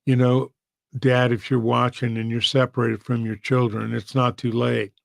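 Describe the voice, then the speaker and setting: A man's voice: mid-range voice, flat delivery, normal speed, gravelly, no room sound. A man, a pastor, telling an emotional story in an earnest, heartfelt way. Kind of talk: storytelling sermon.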